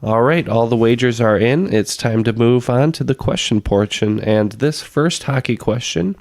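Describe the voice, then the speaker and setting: A man with a raspy, hoarse voice from being sick, reading out trivia questions as the quizmaster of a podcast. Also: mid-range voice, moderate pace, darkish tone, no echo, clean studio sound.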